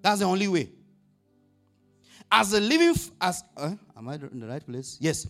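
A man's voice: high-pitched, big pitch swings, normal speed, long pauses, a bit bright, soft background music. A male pastor preaching a sermon, asking the congregation questions and rising to emphatic bursts on scripture.

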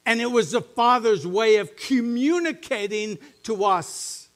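A middle-aged man, a pastor preaching a sermon in a church, moving between quiet, low musing and loud, emphatic teaching. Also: measured pace. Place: church sanctuary.

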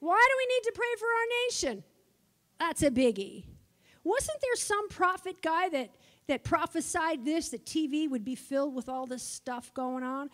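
High, lively woman preaching. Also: normal speed. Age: older. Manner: impassioned, swings from shouting to soft asides. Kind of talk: sermon.

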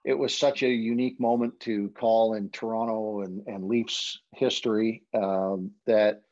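A man's voice: on the low side, fairly even intonation, unhurried, a little mellow. A man, a hockey broadcaster, telling rambling anecdotes in casual podcast chat, with lots of fillers and restarts. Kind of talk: casual storytelling. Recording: dull lo-fi sound.

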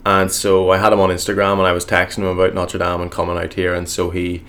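A man's voice: deep voice, completely flat delivery, quick pace, a bit bright. A young man with a Northern Irish accent, a guest chatting casually and modestly, with frequent ums. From Northern Ireland. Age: young adult. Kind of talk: casual interview chat.

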